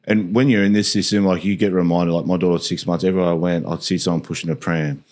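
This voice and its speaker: A man's voice: low-pitched, flat delivery, fast talker, a little mellow. An Australian man hosting a podcast, talking in a rambling, casual way and chatting with his guest. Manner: rambling, lots of "you know" fillers. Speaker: podcast host. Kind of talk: casual interview chat.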